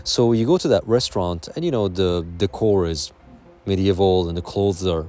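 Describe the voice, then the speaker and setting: A man from Quebec with a low voice and a Québécois French accent hosts a music channel, speaking at a moderate pace. His casual explanatory monologue is strongly opinionated, with occasional swearing.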